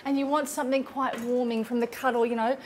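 A woman's voice: fairly high pitch, flat delivery, quick pace, a little mellow, slight background noise. A chatty woman hosting a casual cooking demonstration in her home kitchen, laughing often. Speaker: cooking show host.

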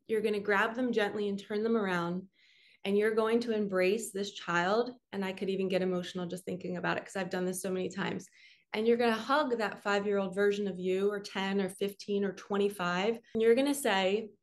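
A woman's voice: medium pitch, steady tone, moderate pace. Earnest woman leading a healing talk. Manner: earnest, emotional, speaks directly to viewers. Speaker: spiritual coach.

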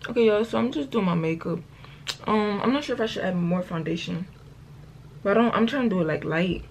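A woman's voice: medium pitch, animated, fairly quick, gravelly, a little hiss or hum. Chatty teen girl vlogging. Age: late teens. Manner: chatty, rambling storytelling, keeps saying y'all; slangy and self-correcting. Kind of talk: casual get-ready-with-me vlog chat. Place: at home getting ready.

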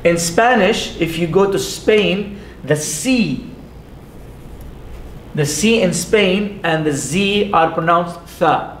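A man teaching a class, patiently repeating sounds slowly and putting questions to his students. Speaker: Arabic teacher. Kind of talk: classroom lesson. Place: mosque classroom. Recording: echoey room with faint rumble.

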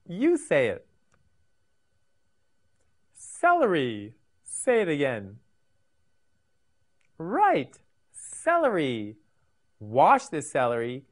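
Slow, sing-song woman teaching vocabulary. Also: sits low. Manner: slow, sing-song, repeats words for learners. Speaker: English teacher for children. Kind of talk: scripted vocabulary lesson.

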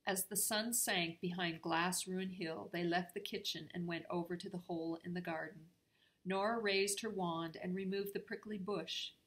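A woman reading a children's storybook aloud in a calm, measured way. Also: on the low side.

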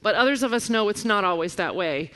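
A woman's voice: medium pitch, brisk. Woman, forties, mid-range voice, preacher who tells stories vividly in a sermon. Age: 40s. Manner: animated storytelling, reading scripture aloud. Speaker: guest preacher.

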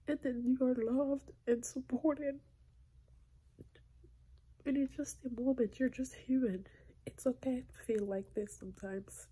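A woman crying softly into her phone indoors at night, speaking in a slow, halting way and often dropping to a whisper. Her voice is husky and mellow, thick with tears. It sounds close and intimate. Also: high voice. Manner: halting, soft-spoken, slipping into whispers. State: tearful, crying. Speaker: vlogger. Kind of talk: emotional confessional vlog. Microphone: phone held close.

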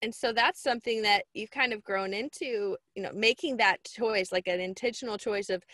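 A woman's voice: medium pitch, moderate pace, no echo. A woman hosting a podcast interview who responds to her guest in an encouraging, affirming way. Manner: warm, affirming. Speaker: podcast host.

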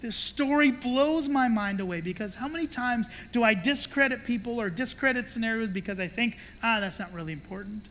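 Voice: medium pitch, in a large hall, slight background noise. A pastor preaching a sermon, telling stories with energy and acting out the voices of the people in them, with playful asides. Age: adult with children. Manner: animated storytelling that acts out the voices of the people in the story. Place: church sanctuary.

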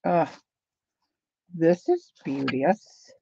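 Slow, gravelly woman chatting on a livestream. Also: low voice, animated, warm tone, highs cut off, slight background noise. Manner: chatty, talks to her viewers as she unpacks. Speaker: livestream host. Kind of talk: casual live chat.

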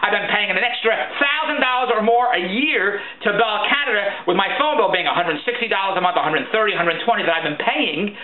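A man rants in a rapid, high, wildly swinging voice, telling his story with mounting exasperation. The sound is thin and phone-like, in an echoey space, with a crowd murmuring behind him. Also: lively intonation. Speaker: vlogger, performer and producer. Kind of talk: ranting monologue.

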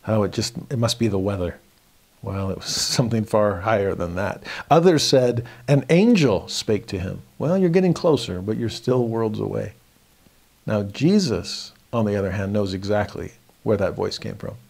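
A man teaching a verse-by-verse scripture study in a reflective, earnest way, dropping to soft emphasis on key points. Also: fairly low pitch, animated, normal speed, gravelly.

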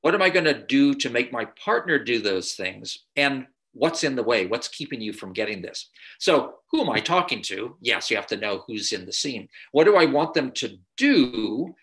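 A man delivers a screenwriting masterclass in an anecdotal, conversational lecture style. His voice is bright and forceful, and he often pauses on filler sounds and restarts his sentences. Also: mid-range voice, very animated.

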